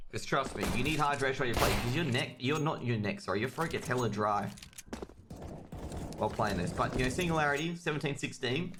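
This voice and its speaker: A man with an Australian accent doing live solo commentary of a video game match, chatty and quick, getting excitable on big plays and joking with his chat. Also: medium pitch, noisy background. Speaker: esports caster.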